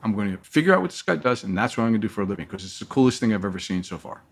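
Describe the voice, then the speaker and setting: A man telling a long personal story as a guest in an interview, lively and acting out the voices of the people he quotes. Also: on the low side, racing, creaky.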